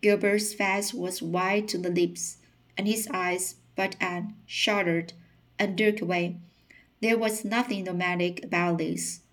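A woman narrating an audiobook slowly, with occasional slips and restarts. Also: fairly low pitch, steady tone, low-quality recording. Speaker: audiobook reader.

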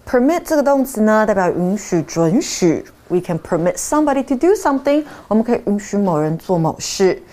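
A woman's voice: medium pitch, very animated, brisk, few pauses, mellow. A woman, a native Mandarin speaker, co-teaching an English lesson, switching between Chinese and English to translate words. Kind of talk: bilingual lesson chat.

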